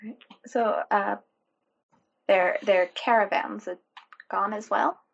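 A modest young adventurer with a husky, gravelly voice, played by a woman. She talks very slowly and mildly, never pushing herself forward. The recording is dull and lo-fi. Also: fairly high pitch, wildly swooping pitch, a bit bright, full character voice. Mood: calm.

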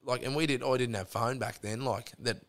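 A man's voice: medium pitch, steady tone, fairly quick, a bit bright. An Australian man, a podcast guest, telling long rambling stories in casual chat, full of swearing and fillers.

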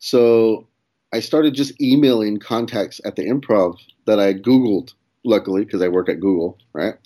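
A young comedian appears as a guest, telling a story in casual conversation, laid-back as he swears and acts out quoted lines with laughs. His voice is fairly low and dark-toned, moving at a moderate pace.

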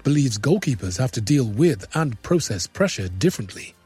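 A man narrates a sports documentary from a script. His delivery is measured and dramatic, and faint music sits underneath. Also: medium pitch, very animated, darkish tone, husky. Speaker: documentary presenter.

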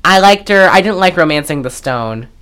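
A woman's voice: lowish voice, animated, music in the background. A woman co-hosting a podcast, casually recapping an old horror movie, swearing freely and acting out lines with bursts of laughter. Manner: profane, laughing, acts out characters in quick asides. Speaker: podcast co-host.

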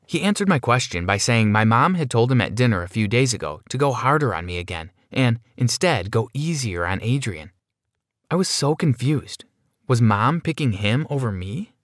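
A man narrating a first-person story in a steady, plain storytelling manner. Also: mid-range voice, normal speed, no room sound, clean studio sound.

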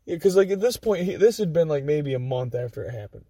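A man's voice: fairly high pitch, fast, slightly rough, no room sound. A young man telling casual, profane stories as a podcast guest, acting out what people said. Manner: profane, animated anecdote teller acting out quotes. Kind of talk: casual storytelling.

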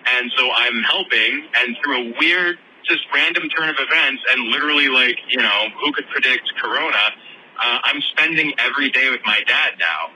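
A man calling in over a noisy phone line. He tells a personal story in a bright, forward tone, rambling with many fillers and restarts. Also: mid-range voice, moderate pace. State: choked up. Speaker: caller.

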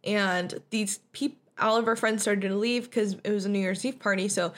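A woman's voice: mid-range voice, steady tone, moderate pace. A young woman hosting a podcast, telling a personal story in a blunt, profane, casual way and laughing often. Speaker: podcast host.

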